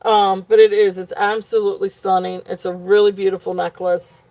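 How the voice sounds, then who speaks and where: A woman's voice: medium pitch, flat delivery, normal speed, mellow. A woman at home hosting a live jewelry sale, gushing over each piece with many ums. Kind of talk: live auction selling.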